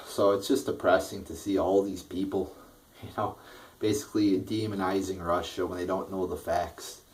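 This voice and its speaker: A man rants about politics in a heated, profane way. He keeps stumbling into stammering restarts. His voice sits low, and he is recorded from a short distance off the mic. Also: fairly even intonation, moderate pace, a little mellow. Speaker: political vlogger. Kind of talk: angry political rant.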